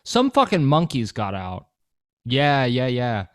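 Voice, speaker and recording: A man's voice: mid-range voice, wildly swooping pitch, slow, no echo. Guy cohosting a podcast, rambly and sweary, dry close sound, mid voice. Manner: rambling, profane and joking. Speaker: podcast co-host. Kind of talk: casual podcast chat.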